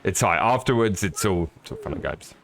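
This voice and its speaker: A man's voice: low voice, expressive, brisk, creaky, a bit bright, a little hiss or hum. A man commentating live on a sim race, chatty and upbeat, greeting viewers by name.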